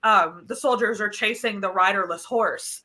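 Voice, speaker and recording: Female podcast guest, crisp bright voice, animated and chatty. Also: medium pitch. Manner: animated, laughing, quick asides. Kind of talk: casual film discussion.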